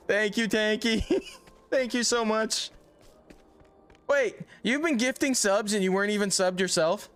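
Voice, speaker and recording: A man's voice: high voice, measured pace, pauses often, fairly bright tone, smooth. A man streaming a video game, out of breath and chatting with his viewers in a loose, casual way as he plays. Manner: chatty, talks to chat between gameplay. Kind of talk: casual livestream chat while gaming.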